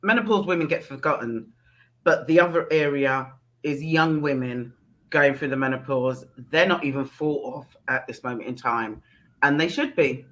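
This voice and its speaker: A woman's voice: a bass voice, moderate pace, fairly bright tone. A woman talking as a guest in a frank, casual chat, laughing often. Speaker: guest, menopause blogger.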